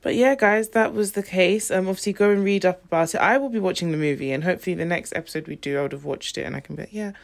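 A woman's voice: on the low side, rapid-fire, vocal fry, hardly any pauses. A woman co-hosting a podcast in casual chat, rambling with plenty of fillers. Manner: rambling, lots of "like". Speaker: podcast co-host.

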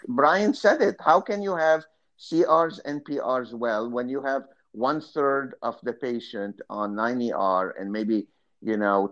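A man's voice: medium pitch, highs cut off. A man, a kidney cancer specialist, talking through an expert panel discussion with many fillers and restarts.

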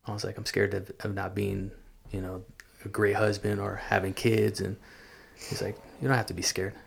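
A man telling a personal faith story in casual chat, earnest and halting, often repeating his words. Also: on the low side, flat delivery, vocal fry, husky. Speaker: guest sharing testimony.

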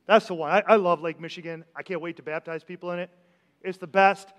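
Delivering a sermon in a church sanctuary, this pastor speaks fast in a high-pitched, somewhat bright voice with a steady tone. His style is conversational, full of questions for the congregation and frequent repetition, and the recording carries long church-hall reverb.

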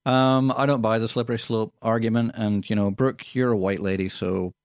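A man's voice: on the low side, steady tone, moderate pace, darkish tone, dry recording, studio quality. A middle-aged man with a Scottish accent, co-hosting a radio chat in a wry, rambling way with many ums. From Scotland. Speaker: radio co-host.

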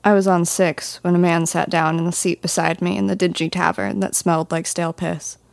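A woman's voice: on the low side, level tone, brisk, vocal fry, no echo. A woman narrating a first-person fantasy audiobook in a dry, wry storytelling manner.

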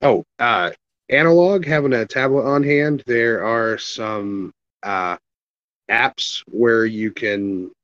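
A man joining a casual gaming podcast who talks in a hesitant, halting way. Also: mid-range voice, fairly bright tone, dry recording. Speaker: podcast guest. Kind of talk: casual chat. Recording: dull lo-fi audio.

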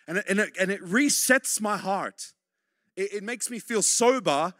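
A middle-aged man preaching a sermon, urging and repeating points for emphasis, then dropping to quiet, close tones. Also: sits high, expressive, unhurried, no echo.

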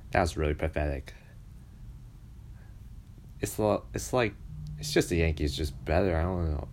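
A man with an extremely deep, low voice rants casually about baseball. He sounds exasperated and mocking, complaining at length. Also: measured pace, a little mellow, slight background noise. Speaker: baseball fan commentator. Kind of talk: casual sports rant.

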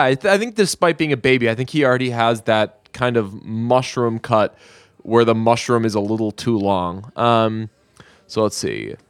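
Young male podcast host, casual and profane, dry close sound, mid pitch. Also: no room sound. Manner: loose and profane, with frequent fillers. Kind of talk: casual solo podcast chat.

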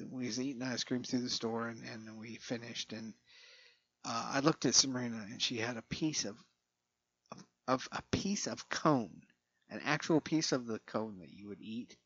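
Gravelly, rambling middle-aged man. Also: mid-range voice, fairly bright tone, no echo. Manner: rambling, profane, chuckling. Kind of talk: casual rambling monologue. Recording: dull lo-fi recording.

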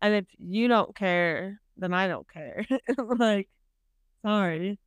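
A woman co-hosting a podcast in casual chat, frank and quick to laugh. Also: medium pitch, no room sound. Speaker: podcast co-host. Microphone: remote call recording.

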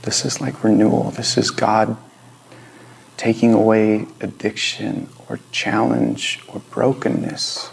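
A middle-aged male pastor preaching in a church, his voice low-pitched and gravelly. He tells stories conversationally, swinging from loud emphatic bursts to hushed, whispered pleas. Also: flat delivery, slow pace, a little hiss or hum. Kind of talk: sermon. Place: church sanctuary.

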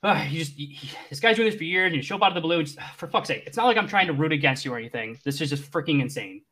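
A man's voice: a little high, lively intonation, racing, bright, forceful tone. A man voicing an exasperated male announcer narrator who rants, swears and apologizes mid-broadcast. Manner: ranting, swearing, apologetic asides.

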